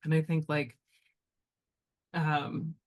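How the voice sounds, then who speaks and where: A woman's voice: low-pitched, level tone, very slow. A woman who is a teacher, chatting casually as a podcast guest, talking things through in a reflective, rambling way with many fillers.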